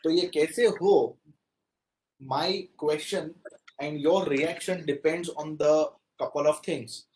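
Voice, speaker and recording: A man's voice: on the high side, steady tone, unhurried, a little mellow, slight background noise, rough recording. A man with an Indian accent giving a classroom lecture, acting out example phrases and switching into Hindi now and then.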